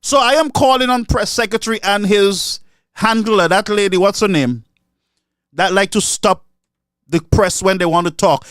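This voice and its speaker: Mocking Saint Lucian man, high voice. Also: moderate pace, no room sound, studio quality. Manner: mocking, animated, switches between English and Creole. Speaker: online commentator. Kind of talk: political commentary monologue.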